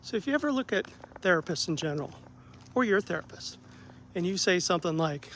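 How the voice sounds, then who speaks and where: A man who works as a therapist, telling a story about his bad day in a casual vlog, acting out the dialogue with lively ups and downs. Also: high-pitched, fairly quick, slight background noise. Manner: animated, acts out quoted dialogue, self-deprecating.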